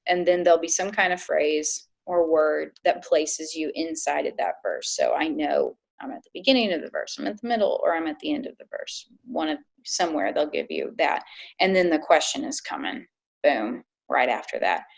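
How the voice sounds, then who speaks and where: A woman with a very low voice and a gravelly, creaky edge talks as a guest coach. She explains things step by step in a casual, thoughtful way. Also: very animated, normal speed, low-quality recording. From Illinois. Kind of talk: casual podcast chat.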